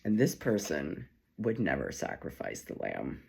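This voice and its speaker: A man gives a tearful spiritual reading, his low voice gravelly and creaky. He speaks slowly in halting, emotional phrases, with sighs and lively rises and falls in pitch. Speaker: spiritual channeler.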